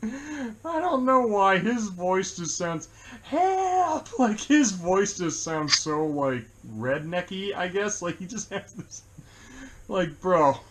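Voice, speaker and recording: Male co-host for a casual movie chat, rambling and quick to laugh. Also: high-pitched, expressive, a little hiss or hum. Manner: rambling, laughs often, many fillers.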